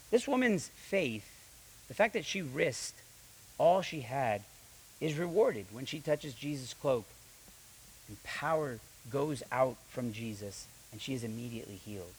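A young man preaching a sermon with animated delivery, reading scripture and acting out the quoted voices, often repeating his words. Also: medium pitch, slight background noise, rough recording. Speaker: pastor.

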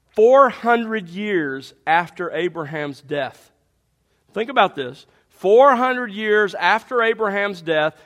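A male pastor with a high, lifted voice preaches through a passage verse by verse. He reads scripture aloud and keeps turning to the congregation with rhetorical questions. His delivery is animated and earnest. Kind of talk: expository sermon.

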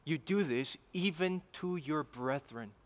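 A male preacher delivering a sermon in a slightly high voice. He speaks earnestly, repeats phrases for weight and builds to emphatic passion. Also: unhurried.

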